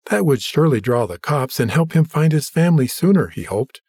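A man reading a story aloud in steady scripted narration, shifting his voice for the characters' lines. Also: fairly high pitch, brisk, breathy edge, no echo, studio quality. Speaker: audiobook narrator.

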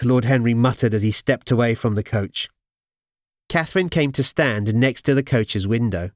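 With expressive delivery, a man narrates an audiobook at a moderate pace and medium pitch. The sound is clean studio quality with no echo.

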